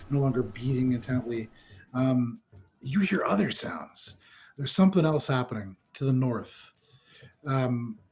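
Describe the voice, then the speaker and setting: A man serves as game master, describing a burning town at a tabletop game. His voice sits at an ordinary middle pitch. He narrates loosely, with frequent ums and kind ofs. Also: darkish tone, a little hiss or hum. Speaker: dungeon master.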